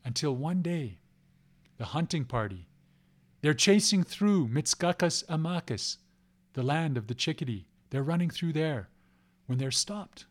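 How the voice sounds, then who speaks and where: A man's voice: a little high, expressive, a little slow. A man telling a legend aloud in a rhythmic way, repeating phrases and place names. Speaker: storyteller. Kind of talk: oral storytelling of a legend.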